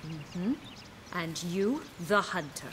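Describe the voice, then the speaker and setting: A woman's voice: fairly low pitch, animated, slow, fairly bright tone. Sly flirty noblewoman. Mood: teasing. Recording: game audio with crowd noise behind.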